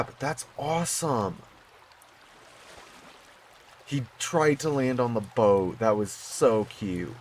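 A man giving casual commentary on his own gameplay, excitable and prone to bursts of delight. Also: lowish voice, a little hiss or hum. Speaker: gaming YouTuber.

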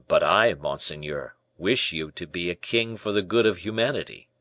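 Man reading as a scheming, hushed courtier. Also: no room sound. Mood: persuasive. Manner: measured, low and hushed persuasion. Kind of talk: audiobook character reading.

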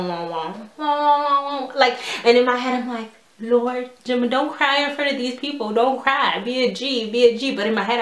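A young woman telling a storytime vlog in a casual, animated way, full of "like" and quoted dialogue. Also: mid-range voice. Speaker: vlogger. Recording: echoey room.

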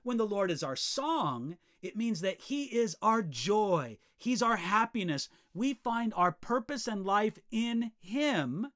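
Lively high-voiced male pastor. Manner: earnest, emphatic, slows down to stress key phrases. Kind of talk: devotional teaching.

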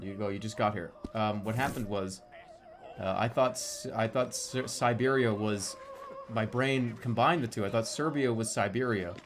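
A man streaming a game, rambling and joking about himself, then breaking into excited shouts. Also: mid-range voice. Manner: rambling, self-mocking, bursts into excited shouting. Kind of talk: casual live-stream commentary while gaming.

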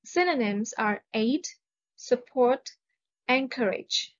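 In a dull lo-fi recording, a woman with an Indian English accent gives a slow, deliberate vocabulary lesson. Her voice is on the high side and animated, and she carefully pronounces each word before reading example sentences.

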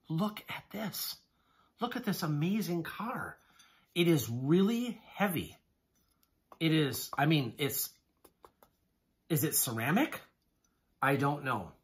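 A man vlogging to camera as he unpacks items, gushing and exclamatory, excited with shaking hands, often stopping to say how amazed he is. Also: on the high side. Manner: gushing, exclamatory, keeps repeating "oh my goodness". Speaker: haul vlogger. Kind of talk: casual unboxing chat to camera.

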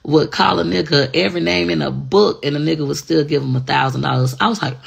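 A woman's voice: low-pitched, steady tone, brisk, creaky, breathy edge. A woman in casual confessional chat, talking bluntly and frankly with plenty of profanity. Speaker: online personality.

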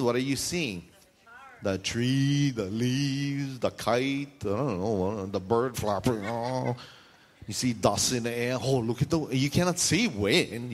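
A man preaching a sermon, telling lively stories and calling for amens. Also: medium pitch, a little hiss or hum. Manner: lively storytelling with call-and-response. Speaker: pastor. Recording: reverberant hall sound.

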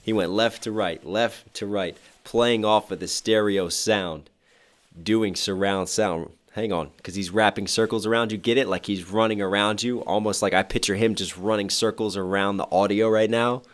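A hoarse man, a rapper, reacting to a song and animatedly explaining its wordplay line by line. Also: on the low side, fairly even intonation, normal speed. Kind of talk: music reaction commentary.

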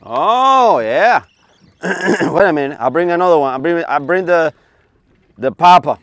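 Excitable man whooping on a fishing boat. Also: a little high, unhurried. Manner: exclaims loudly and whoops at catches. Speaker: fishing vlogger. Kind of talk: excited casual commentary. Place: small boat offshore in the Gulf.

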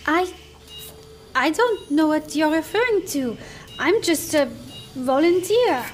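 An actress playing a shy young woman engineer who speaks hesitantly and gently, stumbling over her words, in a game cinematic. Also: sits high, animated, slow pace. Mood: flustered. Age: young adult.

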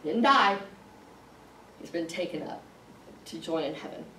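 A woman teaching a church Bible class, talking the group through a passage at an easy pace with fillers and pauses. She sits a little back from the mic in a roomy space. A faint hiss runs under her voice. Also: deep voice, steady tone, a little mellow, recorded from a distance. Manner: conversational, explaining with pauses and fillers. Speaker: Sunday school teacher.

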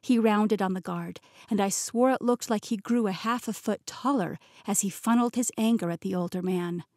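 A woman reading a first-person fantasy novel as a professional audiobook narrator, in a smooth, even-paced telling. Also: medium pitch, moderate pace, no room sound, studio quality. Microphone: close studio mic.

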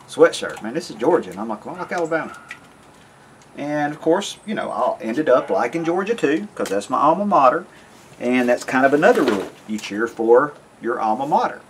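A man's voice: mid-range voice, a little hiss or hum. Folksy man rambling to camera. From American South. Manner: rambling, folksy, self-interrupting. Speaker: YouTube vlogger. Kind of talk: casual monologue to camera.

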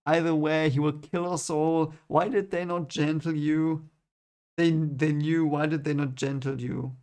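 A man's voice: fairly high pitch, fairly even intonation, a little slow, a little mellow. A man reading the lines of a suspicious, fearful young man who accuses his friend bluntly. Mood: accusing.

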